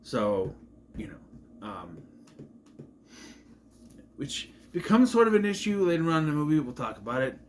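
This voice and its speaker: A man with a fairly high, sing-song voice speaks at a measured pace with long pauses, over slight background noise. He's casually recapping a movie, rambling and drifting off into asides.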